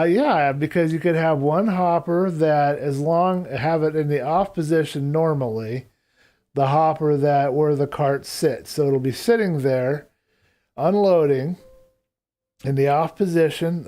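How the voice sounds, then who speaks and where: A man streams live gameplay, rambling casually and thinking aloud as he plans what to build next. His voice is on the high side with a warm tone.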